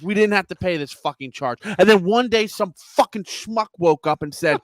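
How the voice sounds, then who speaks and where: A fairly high-voiced man rants in a heated, profane stream. He sounds like he is in his thirties and is recorded on a dry, close microphone. The delivery is animated and conversational, like a podcast co-host. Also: normal speed, no room sound. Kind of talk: ranting casual chat.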